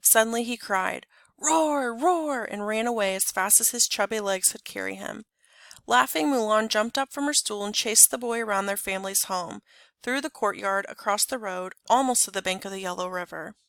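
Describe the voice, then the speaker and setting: A woman reading a children's story aloud in an expressive, clear narrating voice. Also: medium pitch, a little fast, no echo. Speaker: storybook reader. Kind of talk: scripted narration.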